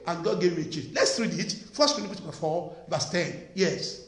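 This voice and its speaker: A man's voice: high-pitched, a little fast, few pauses, fairly bright tone. A male preacher delivering an emphatic sermon, repeating his points and firing rhetorical questions at the congregation. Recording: echoey room.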